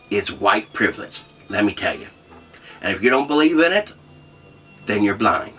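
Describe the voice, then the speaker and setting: A man hosting a comedy show, telling a profane story in a brash, loud way. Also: lowish voice. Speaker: host. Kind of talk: comedic monologue.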